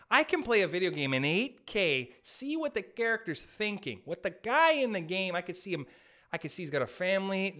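A man's voice: on the high side, fairly bright tone. A man from Canada hosting a podcast, doing a hyped-up, jokey comedic rant. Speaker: podcast host.

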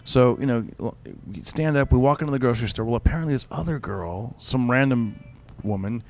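A middle-aged man chats casually, winding through an anecdote with restarts and fillers. He speaks as a comedian would offstage, animated and loose. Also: medium pitch, fairly quick. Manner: rambling, animated storyteller with many restarts and fillers. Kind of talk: casual storytelling chat.

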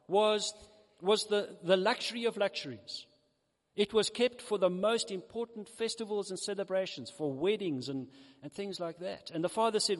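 High-voiced preacher in a reverberant hall. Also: male voice, fairly quick. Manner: animated storytelling, acts out the characters. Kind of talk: sermon.

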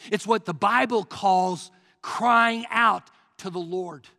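A man's voice: high voice, takes it slowly, creaky. Impassioned pastor in his sixties, hall reverb. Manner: dramatic swings from hushed to shouting. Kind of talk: sermon.

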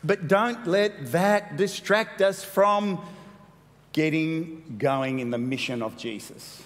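A man preaching a sermon as pastor, animated and playful, with quick asides. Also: a little high. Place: church hall. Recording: long hall reverb.

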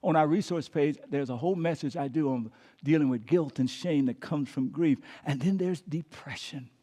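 A man preaching a sermon as pastor, calling on the congregation to repeat words, swinging between emphatic and hushed delivery. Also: on the high side, moderate pace. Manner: preaching with call-and-response prompts to the congregation.

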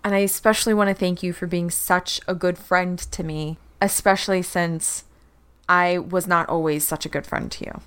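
A woman's voice: fairly low pitch, steady tone, normal speed, fairly bright tone, clean tone, lightly acted. A woman playing a tearful, earnest young woman who pleads and apologizes.

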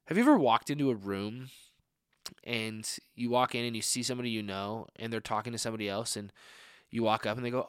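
Smooth and fast-talking, this young adult man has a mid-range voice recorded in a clean studio with no room sound. Preaching conversationally as a young adults pastor, he's earnest, asks lots of rhetorical questions, and leans on the filler "like".

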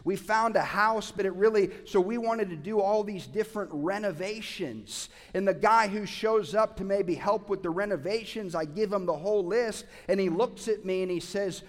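A male pastor preaching a sermon with passion, swinging from loud urging to quiet asides. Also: high-pitched. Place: church sanctuary. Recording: hall reverb.

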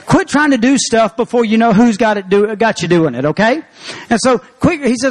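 A man preaching a sermon as pastor, earnest and conversational, slowing down to stress key phrases. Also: extremely high pitch, lively intonation.

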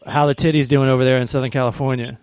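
A man's voice: medium pitch, flat delivery, very fast, darkish tone, smooth, dry recording. A man hosting a podcast alone, chatting casually and crudely with a caller, full of jokes. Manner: crude, joking, playful. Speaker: podcast host.

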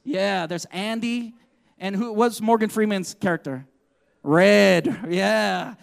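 A man's voice: high-pitched, slow, vocal fry. A male pastor preaching a sermon in an earnest way, often putting questions to the congregation.

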